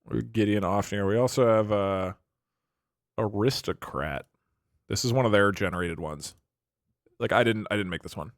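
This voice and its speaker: A man's voice: on the low side, moderate pace, long pauses, no echo, clean studio sound. A man streaming live, chatting casually and thinking aloud with frequent restarts.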